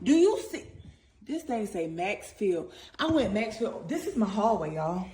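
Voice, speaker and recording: A woman's voice: mid-range voice, very animated, a little slow, dark tone. Breathless gushing woman. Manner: gushing, chatty, addresses viewers as y'all. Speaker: product reviewer. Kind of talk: excited casual vlog.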